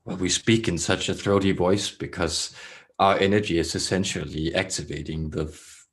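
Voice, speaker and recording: A man speaking as a calm, benevolent alien collective consciousness, in a throaty voice with slow, measured delivery and long pauses. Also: deep voice. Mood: explaining. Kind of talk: channeled spiritual message.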